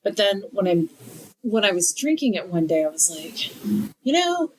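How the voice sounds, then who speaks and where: A woman's voice: mid-range voice, big pitch swings, moderate pace, slight background noise, rough recording. A woman co-hosting a podcast in casual chat, tossing in dry, joking asides. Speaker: podcast co-host.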